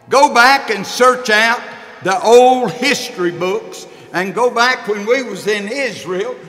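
A man preaching a sermon, folksy, loud and emphatic, swinging from shouts to low storytelling. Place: church sanctuary. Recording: long church reverb.

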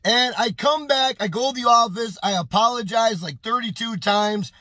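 Man, high-pitched voice, dry close sound, casual storytime vlog, animated, exclaiming, repeats phrases. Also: normal speed, dry recording. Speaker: YouTube storyteller.

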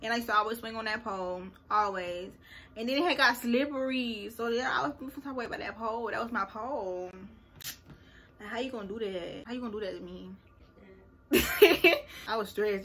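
A woman chatting casually to her viewers in a reaction vlog, animated and swinging into low muttered asides. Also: brisk, a little hiss or hum. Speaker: vlogger.

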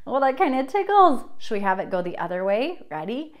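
A young woman teaching a children's music class, talking in a sing-song, animated way with gasps and playful prompts, and singing short rhymes. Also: a little high, a little fast. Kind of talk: kids' music lesson with songs.

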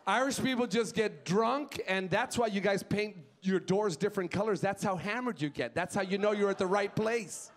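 A middle-aged Scottish man doing a chatty, animated stand-up comedy set. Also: high voice, moderate pace, few pauses, a faint crowd. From Scotland. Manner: chatty, animated, slips in and out of impressions.

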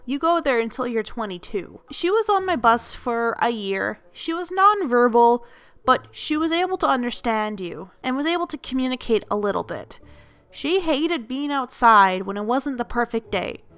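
A woman narrates stories from her job as a school bus driver for an animated video, and she acts out the people she quotes. Her voice sits high and bright and swings up and down with a lot of life. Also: moderate pace, smooth. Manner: lively, expressive storyteller who acts out the people she quotes.

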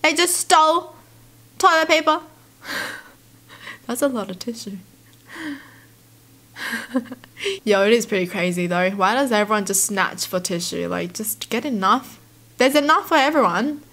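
A young woman from Australia reading tweets aloud and reacting in a giggly, animated way. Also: mid-range voice, unhurried, pauses often. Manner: giggly, animated, squeals in disbelief. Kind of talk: casual reaction commentary.

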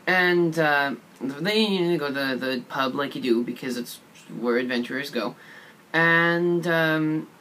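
A man casually recounting a tabletop game session in a fairly high voice, rambling along with plenty of fillers and swearing. A faint background noise sits under his voice. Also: a little slow, bright, forceful tone. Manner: rambling and profane, with many fillers. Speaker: storyteller.

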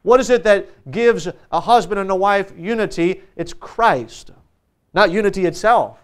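A male pastor with an American accent delivers a sermon in a high, clear and resonant voice. He reads the Bible verses slowly and deliberately, then explains them with plenty of "uh"s and self-corrections. The delivery has the sound of a preacher speaking from the pulpit.

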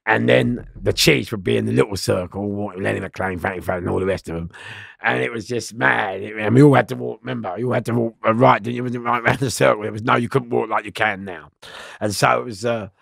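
A middle-aged man, telling prison stories loudly in an interview. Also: fairly low pitch, fast talker, creaky, no room sound, clean studio sound. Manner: loud, lively, laughing storyteller. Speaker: interview guest. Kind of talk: storytelling in an interview.

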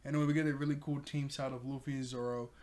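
A man's voice: mid-range voice, level tone, quick pace, a little mellow, a little hiss or hum. A man casually recapping an anime episode for his review channel, chatty and rambling, laughing often.

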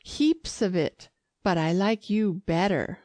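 A woman's voice: animated, slow pace, darkish tone, dry recording. A woman reading an audiobook, voicing a restless young wealthy wife in a raised, pleading voice. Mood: eager, pleading. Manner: pleading, high-pitched eager lines.

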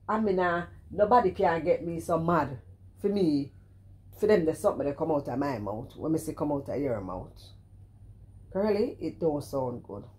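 A middle-aged woman with a Jamaican accent, chatting in animated, scolding commentary that keeps circling back to the same point. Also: deep voice, normal speed. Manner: animated, scolding, repeats herself, exclaims "cheese and crime". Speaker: vlogger commenting on another streamer. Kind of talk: casual commentary chat.

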